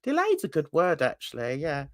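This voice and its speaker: An older woman from England hosting a casual livestream chat, laughing a lot and jumping into excited high squeals. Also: normal speed, no echo, clean studio sound. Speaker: host. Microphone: video call.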